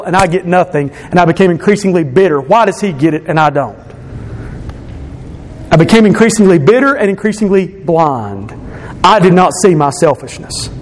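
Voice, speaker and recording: High-voiced man giving an earnest testimony. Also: a little mellow, slight background noise. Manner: earnest, repeats phrases for emphasis. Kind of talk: personal testimony.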